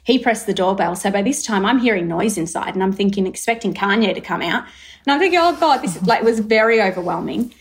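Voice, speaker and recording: A woman's voice: medium pitch, a little fast, hardly any pauses. Aussie woman telling a wild story on a podcast, lots of "like" and acted-out asides. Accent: Australian. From Australia. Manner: lively, acts out her own thoughts in quotes, many fillers. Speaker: brand founder, guest. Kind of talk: animated storytelling in conversation.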